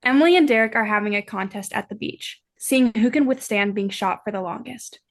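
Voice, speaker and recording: A woman's voice: mid-range voice, a little fast. A woman from the United States reading aloud a short fan fiction her group wrote for a games night.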